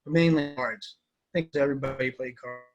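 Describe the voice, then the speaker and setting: A man's voice: medium pitch, steady tone, fairly quick, muffled recording, soft background music. A young man, an army veteran, answering interview questions in a rambling, casual way with many fillers.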